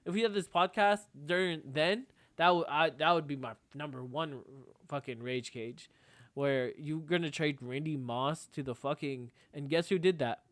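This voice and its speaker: A man's voice: a little high, normal speed, no echo. Heated, profane man ranting on a podcast. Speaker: podcast co-host. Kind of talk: casual sports podcast rant.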